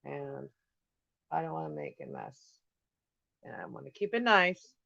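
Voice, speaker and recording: A man's voice: mid-range voice, wildly swooping pitch, unhurried, gravelly, bright, forceful tone, no echo, dull audio. A man chatting casually on a home livestream while painting, thinking aloud and drifting from topic to topic. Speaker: livestream host painting on camera. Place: indoors at home.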